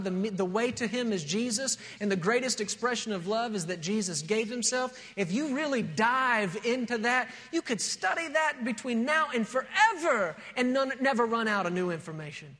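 High-pitched guy preaching, tells stories then gets loud and emphatic, long church hall echo. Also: animated, moderate pace, few pauses. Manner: storytelling, builds to emphatic rising delivery. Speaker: pastor. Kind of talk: preaching a sermon.

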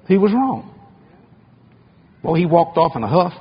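Husky-voiced preacher man, bold sermon. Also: on the high side, big pitch swings, measured pace, dull audio. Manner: bold, emphatic, repeats words while building a point. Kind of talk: sermon with personal anecdotes.

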